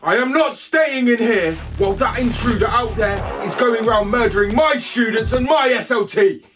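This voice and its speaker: A man's voice: very high voice, normal speed, voice pushed up. A man voicing a bossy, protective schoolteacher, giving urgent orders over background music. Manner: urgent, commanding. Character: protective male school trip teacher, brave and bossy.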